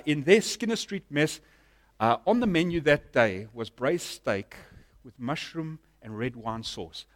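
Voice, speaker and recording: A middle-aged man preaching a sermon, telling a story and swinging from loud bursts to hushed lines. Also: fairly high pitch. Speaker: pastor.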